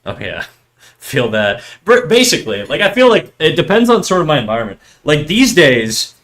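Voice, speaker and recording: Young Canadian streamer, easygoing, meandering talk at a desk mic. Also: male voice, fairly high pitch, moderate pace. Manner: relaxed, rambling, lots of fillers and restarts. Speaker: streamer and artist. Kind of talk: casual livestream chat while drawing.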